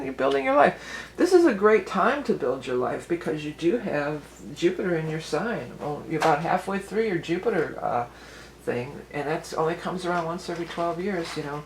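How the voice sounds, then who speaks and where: A woman's voice: low-pitched, big pitch swings, normal speed, gravelly, slight background noise, poor audio. A woman giving a casual tarot and astrology reading for her viewers, chatty and rambling, often restarting her sentences and laughing easily.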